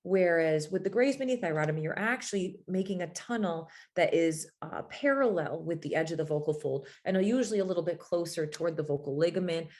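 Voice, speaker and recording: Low-pitched woman lecturing at medical grand rounds, explains things step by step, lots of uh's. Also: brisk, few pauses, darkish tone. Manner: explanatory, with frequent "uh" fillers. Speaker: laryngologist lecturer.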